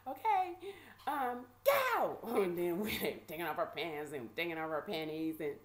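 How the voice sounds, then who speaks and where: A woman vlogger casually telling a personal story, animated and conversational with lots of fillers. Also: low voice, a little fast.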